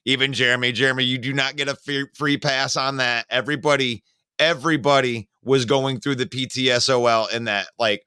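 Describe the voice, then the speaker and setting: A man's voice: mid-range voice, fairly even intonation, brisk, bright, forceful tone, clean tone, no echo. A man co-hosting a casual sports talk show, talking emotionally and rambling with frequent restarts.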